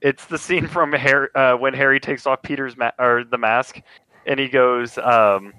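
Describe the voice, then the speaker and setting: Male podcast co-host, bright, excitable, stammers, dry close sound. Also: medium pitch, normal speed, clear, resonant tone, no echo, rough recording. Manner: animated, stammering restarts. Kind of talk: casual film chat.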